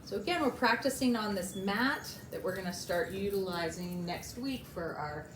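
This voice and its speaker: Woman dog trainer, talks through each step, animated pitch, echoey room, noisy background. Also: normal speed. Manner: explains steps while coaxing a puppy, jumping to high praise. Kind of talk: instructional training demonstration. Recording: roomy and noisy.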